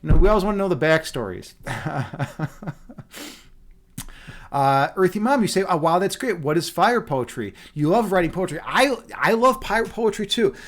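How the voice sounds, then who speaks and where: A man's voice: sits high, lively intonation, normal speed. A man hosting a livestream, chatting casually with his viewers in a loose, playful, rambling way with lots of fillers. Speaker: livestream host reading chat.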